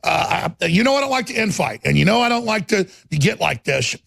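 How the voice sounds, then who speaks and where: A man hosting a political talk show, ranting angrily and swinging into shouts. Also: sits high, sing-song, a little fast, creaky, dry recording. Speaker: host. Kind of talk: heated political commentary.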